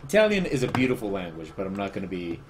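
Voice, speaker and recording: A man's voice: fairly low pitch, huge pitch swings, fast, noisy background. A man with a Spanish accent, a livestreaming artist chatting casually, rambling and self-deprecating as he answers chat.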